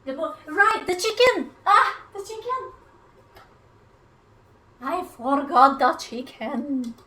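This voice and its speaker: An expressive woman with a high, sharp voice talks slowly while cooking on a kitchen livestream. She's playful and teasing, bantering casually with her viewers.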